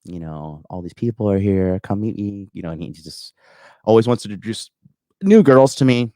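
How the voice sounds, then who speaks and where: A very low-voiced man in his thirties hosts a call-in livestream, chatting in a loose, rambling way. He swears often and fills his talk with "like" and "you know." The sound is close and dry, with almost no room echo. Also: animated, normal speed, dark tone. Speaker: call-in show host. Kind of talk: casual livestream chat reading viewer comments.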